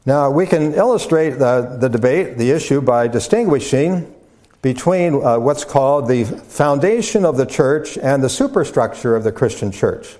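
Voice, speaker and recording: A man in the pulpit giving a teaching sermon. He speaks at a measured pace, circling back and repeating words as he lays out each point, with the occasional filler between phrases. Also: mid-range voice, lively intonation, mellow. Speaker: pastor. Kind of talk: sermon lecture.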